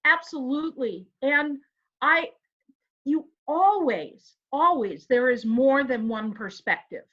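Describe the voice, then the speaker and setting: Woman, co-host, bright voice, earnest, rhetorical questions, lo-fi call audio. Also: sits high, lively intonation, slow pace. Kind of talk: casual inspirational chat.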